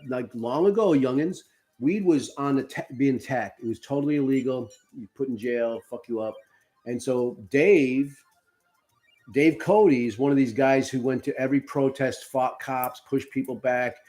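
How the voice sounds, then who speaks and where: A middle-aged man co-hosting a podcast, telling stories in a casual, excitable and profane way. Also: medium pitch. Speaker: podcast co-host. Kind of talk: casual live-stream chat.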